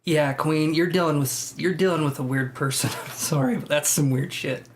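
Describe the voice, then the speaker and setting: Man hosting a tarot livestream, fairly high voice, chatty, jokey, laughs a lot. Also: steady tone, moderate pace, slight background noise. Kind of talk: casual livestream chat, reading viewer comments.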